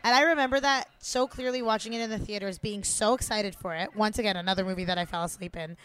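A woman from Canada talking casually about films, with a voice of ordinary middle pitch. She is blunt and opinionated and quick to joke, and she speaks her mind without softening it. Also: fairly even intonation, a little hiss or hum. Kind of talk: casual movie-watching chat.

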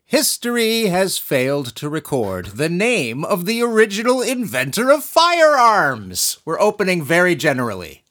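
A man hosting a history podcast in casual chat, playful and animated, quick to laugh. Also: sits high. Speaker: podcast host.

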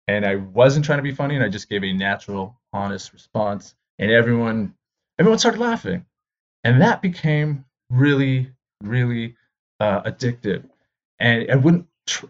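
A comedian in his thirties telling a self-deprecating personal story with lots of fillers and restarts, acting out the voices of the people in it. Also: on the low side. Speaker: stand-up comedian. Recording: dull lo-fi recording.

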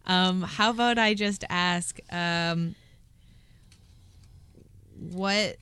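A woman hosting a podcast, chatting casually and telling lively stories. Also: lowish voice, extremely slow, clear, resonant tone, no echo. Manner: chatty, excitable storytelling with laughs. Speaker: podcast host. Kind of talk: casual interview chat.

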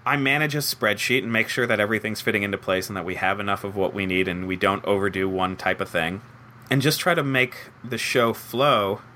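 A young man with a bright, forward voice talks through an interview about his writing job. He is animated and self-deprecating and acts out quoted lines in little voices. Faint background noise sits under the recording. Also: mid-range voice. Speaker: head writer of a comedy show. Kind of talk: conversational interview answers.

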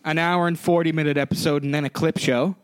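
A man's voice: a little high, steady tone, fast, clear, resonant tone, no echo. A man hosting a podcast, talking casually and apologetically, rambling with fillers and restarts into a close mic. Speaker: podcast host.

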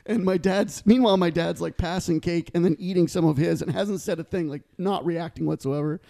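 High, gravelly-voiced storytelling man. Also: a little fast. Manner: animated, laughing storyteller who acts out quotes. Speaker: podcast guest. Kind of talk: casual storytelling.

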